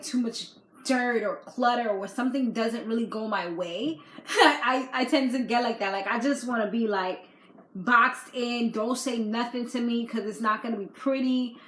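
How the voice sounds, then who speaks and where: A woman vlogger recaps a reality show in a loose, chatty way. She keeps dropping "like" and "you know". Her voice sits a little high and rings off the walls of an echoey room. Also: fairly bright tone. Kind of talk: casual video recap.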